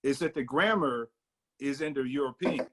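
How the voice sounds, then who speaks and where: A man's voice: mid-range voice, moderate pace, fairly bright tone. Easygoing man hosting a discussion. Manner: easygoing, affirming listener, frequent "right, right". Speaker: host. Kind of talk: casual video-call discussion. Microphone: video call.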